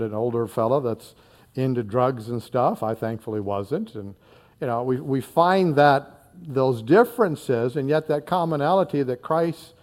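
A man's voice: medium pitch, darkish tone. A man in his sixties from northern Indiana, preaching a sermon in an earnest, conversational way with frequent fillers and repeated words. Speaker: pastor.

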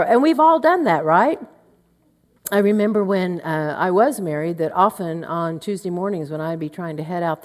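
A woman's voice: medium pitch, a little mellow. A middle-aged woman teaching a women's Bible study, earnest and chatty, acting out muttered asides under her breath. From Oklahoma. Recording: long hall reverb.

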